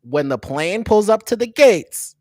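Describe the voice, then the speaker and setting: A talk show host in a casual chat, laughing, asking quick questions and ranting lightly. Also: mid-range voice, expressive, darkish tone, dry recording, studio quality.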